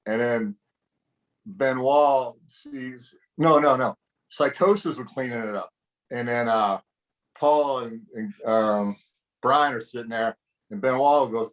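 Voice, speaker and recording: A man's voice: mid-range voice, slow. A man, a former pro wrestler, casually telling a locker-room story in a profane, laid-back way.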